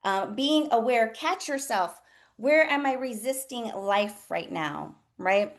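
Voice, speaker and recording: Speaking slowly in a fairly high voice, a woman hosts a relaxed livestream as a nurse coach. She is blunt and swears, laughs often, and stays animated, putting on voices when quoting others.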